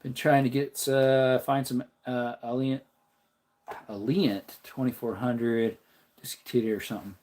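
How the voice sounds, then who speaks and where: A man's voice: little pitch movement, slow pace, darkish tone. A man hosting a casual livestream, rambling in chatty talk and reading out viewer comments. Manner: jokey, slips into a silly high voice. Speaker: livestream host.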